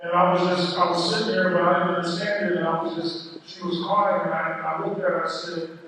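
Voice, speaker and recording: Motivational speaker, man from Inglewood, California, earnest storytelling with restarts. Fairly high, steady pitch. Distant mic in a long-reverb hall. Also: a little fast, creaky, slight background noise. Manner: earnest storytelling with frequent restarts and repeated words. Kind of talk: personal story told to a school assembly. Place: large school hall. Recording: echoey hall from far off.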